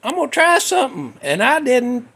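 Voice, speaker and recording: A man's voice: extremely high pitch, wildly swooping pitch, normal speed, gravelly, sharp tone. A middle-aged man hosting a podcast, telling a rambling, self-mocking story in a folksy way with loose grammar. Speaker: podcast host. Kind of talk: casual storytelling monologue.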